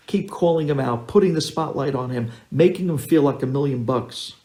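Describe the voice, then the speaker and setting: A rabbi telling a story to an audience, acting out the dialogue in a lively way. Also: male voice, a little high. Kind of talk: storytelling talk.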